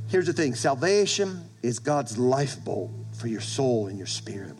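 A man's voice: mid-range voice, expressive, normal speed, darkish tone, a little hiss or hum. A male pastor preaching a sermon to his congregation, emphatic, repeating phrases and restarting with stammers. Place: church service with congregation.

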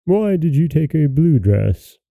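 A man's voice: fairly high pitch, very animated, unhurried, creaky, dry recording, phone-quality sound, voice pushed up, exaggerated voice. A man reading as a stern, angry old king. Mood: questioning. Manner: stern, demanding questions.

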